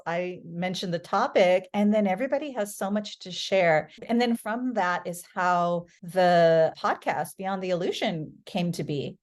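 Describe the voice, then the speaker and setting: A middle-aged woman, a podcast guest, chatting in a casual storytelling way, lively and animated, often acting out what people said. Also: on the low side. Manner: animated, lively, acts out quoted voices.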